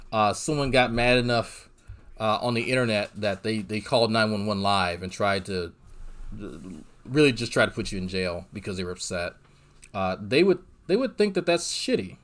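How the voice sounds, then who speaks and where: A man's voice: on the low side, animated, moderate pace, a bit bright. A man giving livestream drama commentary, ranting in a profane, rambling and sarcastic way, with lots of restarts and fillers. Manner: exasperated, sarcastic.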